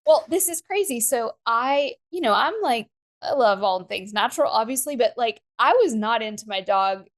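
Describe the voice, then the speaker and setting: Effusive woman host, casual and excitable. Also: fairly high pitch, normal speed. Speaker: podcast host. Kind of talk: casual podcast chat.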